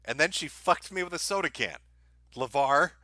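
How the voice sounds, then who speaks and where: A man's voice: fairly high pitch, expressive, normal speed, bright, forceful tone, no room sound. A man live-streaming crude, sarcastic commentary over an audiobook, mocking it and laughing often.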